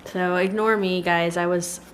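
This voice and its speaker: A woman's voice: fairly low pitch, steady tone, a little slow, a bit bright, slight background noise. A woman vlogger chatting to her camera at home, telling a story in a rambling, emotional, giggly way. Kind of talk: casual chat to camera.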